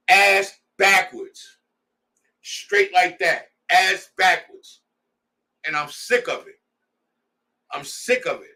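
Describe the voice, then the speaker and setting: A man's voice: fairly high pitch, vocal fry, sharp tone, far from the mic. A man leading a scripture class, preaching in a heated, blunt way with street slang. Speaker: class leader.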